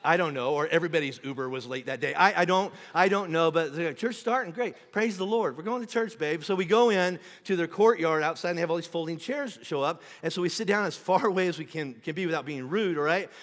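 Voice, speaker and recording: A man pastor preaching a sermon, telling a comic story with animated swings between loud outbursts and hushed asides. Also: fairly high pitch, quick pace, few pauses. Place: large church auditorium. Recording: long hall reverb.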